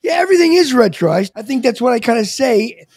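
A man's voice: very high voice, big pitch swings, fast, a little mellow, husky, no room sound, clean studio sound. A man with a New York accent co-hosting a podcast, rambling with many fillers and restarts. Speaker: podcast co-host. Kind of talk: casual chat.

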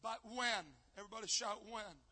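High-pitched, fervent shouting preacher man. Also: measured pace, in a large hall, a little hiss or hum. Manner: fervent shouted preaching, drops to a hushed storytelling tone. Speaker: youth conference preacher. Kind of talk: live sermon. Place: live church service.

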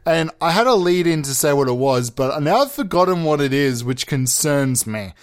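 A man's voice: on the high side, animated, normal speed. A man giving a rambling, self-mocking comic monologue as a pretend politician. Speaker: comedic mock politician. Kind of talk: comedic monologue.

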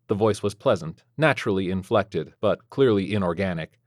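A man's voice: low-pitched, expressive, normal speed, darkish tone, no room sound. A man narrating a scripted first-person story in a sardonic, dryly witty manner. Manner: sardonic, dry wit.

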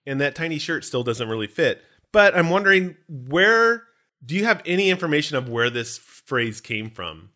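A man co-hosts a podcast in loose, joking banter. His voice is bright and forward, and his pitch swings widely as he teases himself and his partner. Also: normal speed. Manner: animated, self-mocking and joking. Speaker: podcast co-host.

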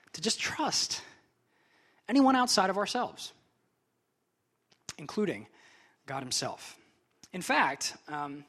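A man's voice: high voice, a bit bright. A young man preaching a sermon as pastor, conversational and chatty, with frequent casual asides.

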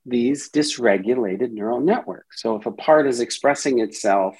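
Guy therapist on a podcast, kinda husky breathy voice, middle pitch, talks things through. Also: normal speed, darkish tone, rough recording. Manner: acts out inner voices in quoted asides. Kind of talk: explanatory interview talk.

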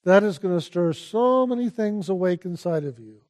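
With a voice that sits high, an older man teaches in a calm, unhurried spiritual talk, repeatedly calling on listeners to pay attention.

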